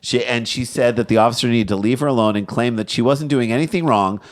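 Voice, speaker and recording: A man's voice: medium pitch, fast. A middle-aged man co-hosting a comedy podcast, telling anecdotes and acting out the people in them. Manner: animated, acts out voices in anecdotes. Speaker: podcast co-host. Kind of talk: comedic storytelling chat.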